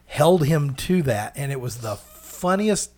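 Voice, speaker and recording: A man's voice: mid-range voice, expressive, measured pace, darkish tone. Eager guest telling a table story in a casual group chat, with a man's mid-range voice. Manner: enthusiastic storyteller, stumbles and restarts. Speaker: podcast guest.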